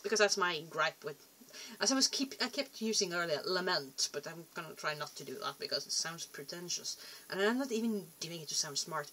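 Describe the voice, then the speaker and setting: Rambling woman vlogger, lowish voice. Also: lively intonation, fairly quick, hardly any pauses, sharp tone, slight background noise. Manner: chatty, rambling, self-deprecating, trails off and restarts. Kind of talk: rambling casual vlog.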